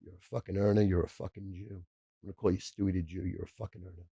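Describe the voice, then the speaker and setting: Guy doing a quiet threatening mob boss just out of jail, low gravelly voice, swears nonstop. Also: flat delivery, quick pace, no echo, heavily acted. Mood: menacing. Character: menacing middle-aged male mobster, fresh from prison.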